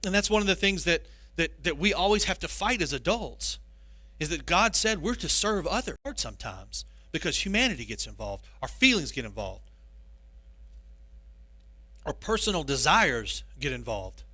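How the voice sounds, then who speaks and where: A male pastor giving a sermon, telling stories with animated, self-mocking humor. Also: a little high, normal speed, no room sound.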